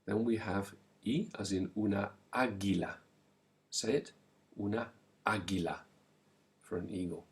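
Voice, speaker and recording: Male language teacher, lowish voice, slow and clear, leaves pauses for repetition. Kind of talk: recorded language lesson.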